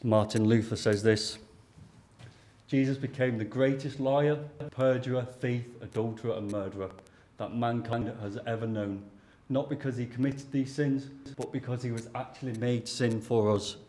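A man's voice: mid-range voice, steady tone, normal speed, mellow. Earnest Lancashire man preaching. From Lancashire, England. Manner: earnest, conversational, asks the listeners questions. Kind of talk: sermon.

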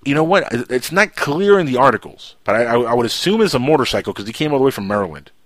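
A man hosting a podcast and telling a long story in casual chat, rambling and animated. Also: medium pitch, quick pace, no echo. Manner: rambling, animated, keeps saying "check this out". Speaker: podcast host.

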